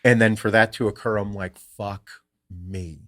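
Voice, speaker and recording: Profane, animated low-voiced man storyteller. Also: quick pace. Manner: animated, swears freely. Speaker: podcast host. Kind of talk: casual storytelling.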